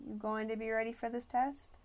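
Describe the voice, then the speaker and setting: Jittery teen boy, higher and hesitant, read by a woman. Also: little pitch movement, a little fast, natural voice. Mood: nervous. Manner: nervous, hesitant, stammering. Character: jittery anxious teenage boy, fidgety friend. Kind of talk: audiobook character voice.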